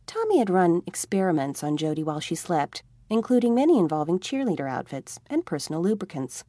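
A woman narrating an audiobook with an expressive, wry comic reading. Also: fairly low pitch, brisk, hardly any pauses, dry recording, studio quality. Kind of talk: scripted narration.

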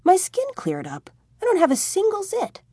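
A woman's voice: medium pitch, normal speed, no echo, close to an everyday voice. A woman voicing a nineteen-year-old male vampire who is anxious, whiny and easily worked up in an audiobook. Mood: fretful. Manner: excitable, complaining.

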